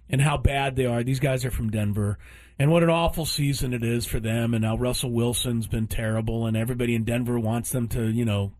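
A man's voice: mid-range voice, darkish tone, no room sound. A man telling a story in casual chat, acting out the dialogue with exasperation. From Southern California.

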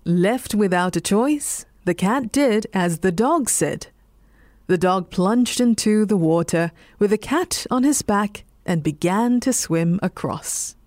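Singaporean English woman, bedtime narrator, unhurried and very expressive, dry close mic. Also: medium pitch, no room sound. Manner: slow, soothing, lively intonation. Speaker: storyteller.

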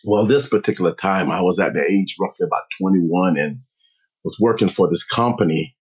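A man, a motivational speaker, telling a personal story in a slow, deliberate, dramatic way. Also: low voice, a little mellow, husky. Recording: dull lo-fi recording.

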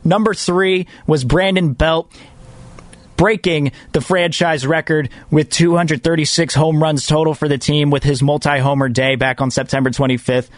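A man hosting sports talk radio in a slightly high voice, excitable and quick to poke fun at himself. He repeats phrases as he goes, and the sound is dry and close. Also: no echo.

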